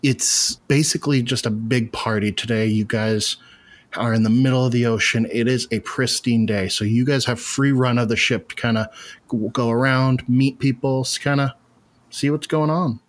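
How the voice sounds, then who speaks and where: A man narrating as game master of a tabletop game, relaxed and casual with many fillers. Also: medium pitch, moderate pace.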